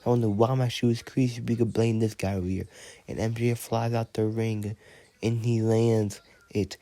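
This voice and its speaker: A man who is sick and speaking low, giving play-by-play wrestling commentary and counting out the pins. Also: level tone, normal speed, mellow. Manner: counts pins aloud and announces winners.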